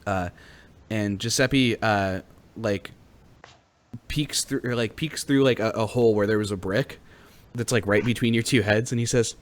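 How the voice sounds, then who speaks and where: A man's voice: lowish voice, steady tone, moderate pace. A young man narrating as game master in a rambling, filler-heavy way. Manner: rambling, full of fillers and restarts.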